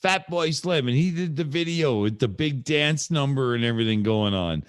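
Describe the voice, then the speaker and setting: A man's voice: mid-range voice, animated, moderate pace, clean tone, no echo, studio quality. A man from Canada in casual podcast chat, boisterous and laughing through crude banter. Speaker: podcast panelist.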